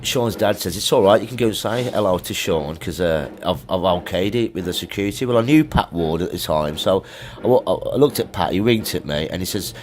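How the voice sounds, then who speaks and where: A man's voice: low voice, animated, fairly quick, few pauses, a little mellow. A middle-aged man, a musician telling anecdotes in a casual interview, full of slang. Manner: chatty anecdotes with slang and laughs. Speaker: musician guest.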